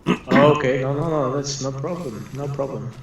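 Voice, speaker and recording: A man's voice: mid-range voice, moderate pace. A man calling into a talk show, chatting casually with many restarts and repeated words. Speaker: caller. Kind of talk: casual call-in chat. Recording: very echoey, distant from mic, faint noise.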